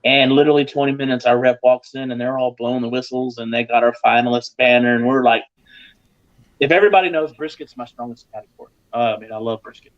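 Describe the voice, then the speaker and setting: On a live show, a man appearing as guest pitmaster spins a casual, lively yarn, pitching his voice up when acting out others. He talks fast, and the sound is lo-fi.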